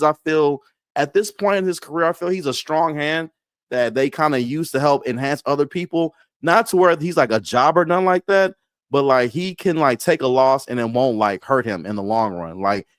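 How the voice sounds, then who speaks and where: Male co-host, animated and joking, casual wrestling banter. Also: on the high side, no room sound.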